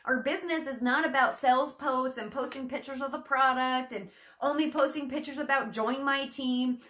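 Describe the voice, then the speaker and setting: A woman's voice: high-pitched, brisk, fairly bright tone. A woman coaching her sales team in a casual, chatty teaching talk, acting out sample messages in a perkier voice. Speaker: network marketing team coach.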